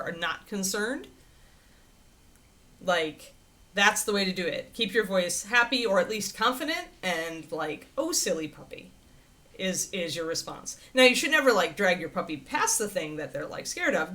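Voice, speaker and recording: A woman hosting a livestream, chatting casually and answering viewers' questions in a rambling, animated way with frequent laughter. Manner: animated, swinging pitch into playful quoted voices. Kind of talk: casual chat.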